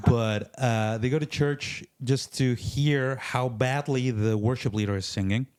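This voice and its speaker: A man, a podcast guest in casual faith talk, who acts out complainers in quick put-on voices. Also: mid-range voice, steady tone, darkish tone, clean tone.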